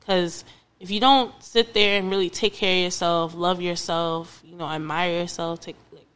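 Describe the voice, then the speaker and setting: A woman's voice: fairly low pitch, steady tone, moderate pace, fairly bright tone, smooth. A young woman, a podcast guest, chatting casually and rambling with frequent restarts. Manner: rambling, restarts often, laughs a lot.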